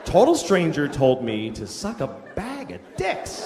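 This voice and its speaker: A man's voice: a little high, wildly swooping pitch, unhurried, a little mellow, soft background music. A middle-aged man doing a profane stand-up routine, telling an incredulous story and acting out an angry driver. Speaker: stand-up comedian. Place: large theater stage. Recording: live theater with echoing hall, crowd laughter.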